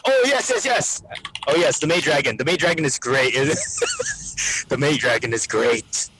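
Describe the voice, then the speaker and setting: A man's voice: medium pitch, huge pitch swings, a little slow, noisy background. A man on a live gaming stream, rambling through stories with casual swearing. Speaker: livestreamer.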